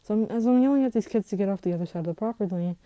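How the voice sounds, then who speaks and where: A woman's voice: medium pitch, very fast, mellow, dry recording, poor audio. A woman vlogger telling a story in a rambling, heated way, swearing and restarting often. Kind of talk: casual storytelling vlog.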